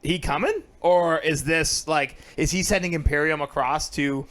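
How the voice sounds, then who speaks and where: A man's voice: a little high, normal speed, a bit bright. A man co-hosting a casual podcast, rambling and restarting his sentences as he chats. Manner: rambling, lots of fillers and restarts, laughs easily. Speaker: podcast co-host. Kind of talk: casual chat.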